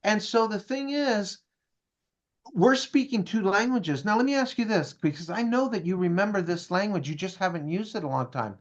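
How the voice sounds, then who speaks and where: High-voiced man telling a story with energy. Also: moderate pace, lo-fi sound. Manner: lively, acts out dialogue, keeps checking in with "right?" and "okay?". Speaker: guest speaker. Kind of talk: animated storytelling in an interview.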